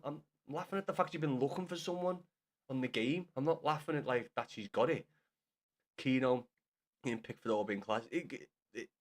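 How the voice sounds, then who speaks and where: A young man talks to his viewers on a gaming livestream, his voice sitting a little high for a man. He fires back at his chat with blunt, sweary banter, loose and unscripted. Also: a bit bright.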